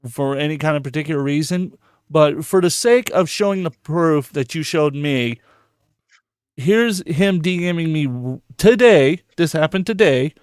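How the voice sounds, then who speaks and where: A man hosting a loose, profane podcast chat, talking in a fairly high voice that jumps up when he gets worked up. He repeats words as he rushes to make a point. The recording is dry and close. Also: clear, resonant tone, no echo. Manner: excitable, swears a lot, repeats words. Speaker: podcast host.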